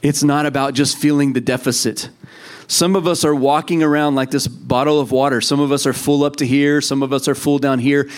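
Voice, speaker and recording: A man's voice: medium pitch, fairly even intonation, fairly quick, smooth. A man preaching a sermon to a congregation in a conversational way, acting out the voices of the people in the story. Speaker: pastor.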